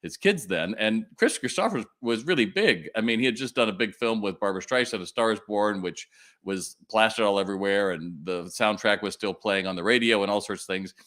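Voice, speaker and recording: An older man hosting a live webinar, chatty and animated, telling a story and acting out the voices in it. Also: on the low side, brisk. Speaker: retail sales trainer and webinar host.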